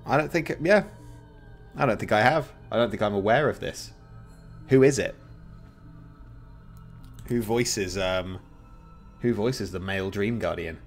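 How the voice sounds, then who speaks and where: A man's voice: fairly low pitch, unhurried, long pauses, faint music behind. A male streamer chatting casually while gaming and laughing often.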